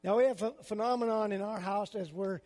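A man's voice: sits high, a little fast, darkish tone, big-room sound. An older man preaching a sermon as a pastor, with a conversational style full of rhetorical questions.

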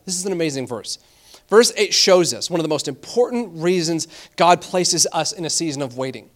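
A man with a high-pitched voice delivers a sermon. His preaching is animated and conversational, with frequent repeated words. He slows down deliberately when reading scripture aloud. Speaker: pastor.

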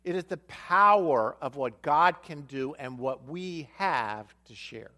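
A man delivers a sermon, retelling a scripture story and voicing its characters. His voice sits a little high and moves through a wide, animated range. He repeats key lines for emphasis. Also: slow pace. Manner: storytelling, acts out the dialogue of a Bible story. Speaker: pastor.

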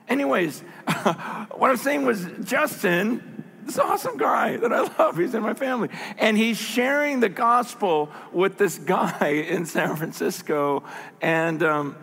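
An older man, a grandfather, preaching a sermon as a pastor, telling stories and building to emphatic shouts. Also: sits high, unhurried, gravelly, breathy edge. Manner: storytelling, animated, bursts into emphatic shouts.

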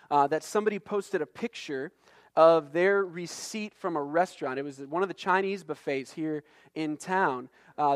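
A man in middle age preaching a sermon, his voice sitting a little high for a man. He talks earnestly and conversationally, with frequent restarts. The sound is dry and close, with no room around it. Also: no echo. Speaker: pastor.

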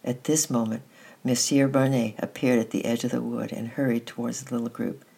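A storyteller reading a children's story aloud at a steady pace, sometimes restarting a phrase. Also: medium pitch, brisk, gravelly, slightly rough. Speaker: narrator. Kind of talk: storybook narration.

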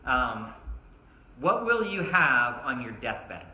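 A man's voice: medium pitch, very animated, takes it slowly, highs cut off. A man preaching a sermon at a church service, emphatic and asking his listeners one rhetorical question after another. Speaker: pastor. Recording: roomy echo.

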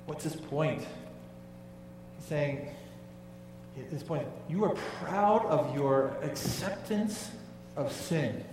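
A man's voice: a little high, slow pace, pauses often, background noise. A male pastor preaching a sermon, emphatic and conversational, often asking the congregation questions. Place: church sanctuary. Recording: echoey hall, voice from far off.

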